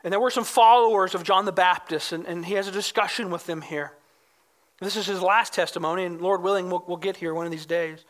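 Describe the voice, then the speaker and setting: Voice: mid-range voice, steady tone, fairly quick. A pastor preaching a sermon, explaining scripture with emphasis and reading verses aloud.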